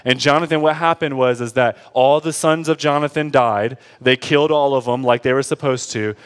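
A man's voice: mid-range voice, moderate pace, smooth. A young adult man preaching a sermon, reading scripture aloud and then explaining it in casual asides. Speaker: pastor. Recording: hall reverb.

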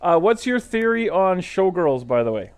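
A man's voice: sits high, big pitch swings, moderate pace, clear, resonant tone. A man co-hosting a podcast in casual chat, sarcastic and dry, swearing freely. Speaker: podcast co-host. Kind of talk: casual chat recapping a TV show.

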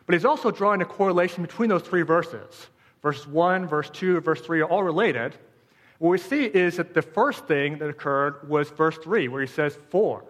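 A pastor preaches a sermon to his congregation in a voice pitched slightly high, at normal speed with a fairly bright tone. He drives each point home with rhetorical questions and repeated phrases, and a long reverb makes it sound like a church hall.

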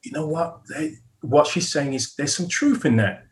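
A man's voice: fairly high pitch, animated, moderate pace. A middle-aged British man, a podcast guest, tells his story earnestly. He repeats words as he thinks and chuckles often. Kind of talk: reflective interview storytelling.

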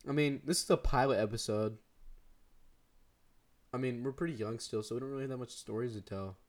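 A man's voice: mid-range voice, fairly quick. Slangy, laughing teenage boy. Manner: slangy, laughs often, rambling. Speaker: podcast co-host. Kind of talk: casual chat between friends.

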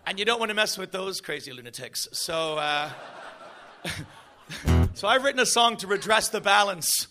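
A man doing stand-up, then belting a comic song, boisterous and shouting at times. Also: sits high, animated, normal speed, pauses often. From Scotland, raised in Canada. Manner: boisterous, shouting and singing with guitar. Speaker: stand-up comedian and singer. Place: festival stage. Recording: live music over the voice.

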